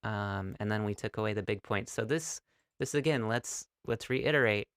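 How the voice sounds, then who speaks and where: A man giving a relaxed, encouraging online go lesson, with a playful streak. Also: lowish voice, normal speed, clear, resonant tone, dry recording, studio quality. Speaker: go teacher.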